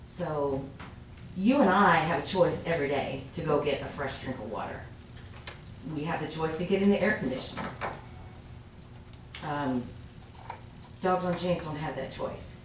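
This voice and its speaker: Woman with a low voice, earnest council comment, echoey room, faint hiss. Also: unhurried, pauses often. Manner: earnest, heartfelt. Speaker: public commenter. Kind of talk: public comment at a council meeting. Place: council chamber. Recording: echoey chamber, far from mic, faint noise.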